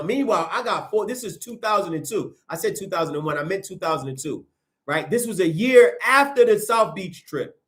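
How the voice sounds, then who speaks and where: Man, slightly high voice, animated storytelling, plays out quoted dialogue, casual. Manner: animated, acts out quoted dialogue, frequent restarts. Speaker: storyteller recounting events. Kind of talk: casual first-person storytelling.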